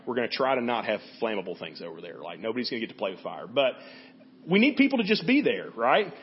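A man's voice: on the high side, husky, dull audio. A man preaching a sermon as pastor, talking to the congregation in a conversational way and often checking in with "right?". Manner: conversational, frequent "right?" asides.

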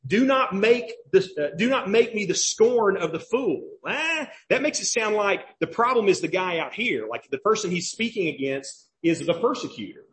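A man's voice: high-pitched, lively intonation, moderate pace, few pauses, fairly bright tone, a little hiss or hum. A man with a Southern US accent preaching a sermon as pastor, emphatic and questioning, repeating key phrases.

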